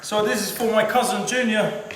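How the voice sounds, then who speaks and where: A man's voice: high voice, normal speed, a bit bright, a little hiss or hum. A man cooking at home who talks to the camera in a chatty way and repeats his words as he works. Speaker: home cook. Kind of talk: casual cooking demonstration. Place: home kitchen. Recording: echoey kitchen from far off.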